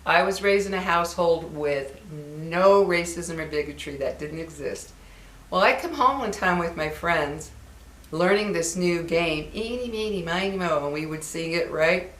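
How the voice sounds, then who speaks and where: A woman's voice: on the low side, a little slow, a bit bright. Older woman reminiscing in a roomy echo. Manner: chatty and reminiscing, acts out quoted voices. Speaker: vlogger. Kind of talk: casual chat to viewers.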